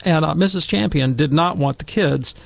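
A middle-aged man telling wry, animated stories and commenting on scripture in a casual talk. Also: a little high, moderate pace, vocal fry, no room sound. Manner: wry, animated anecdotes with acted quotes.

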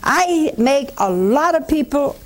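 A woman's voice: high-pitched, expressive, slight background noise. An older woman hosting a religious call-in show, blunt and fervent, answering callers. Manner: slow, blunt and fervent, calls callers honey.

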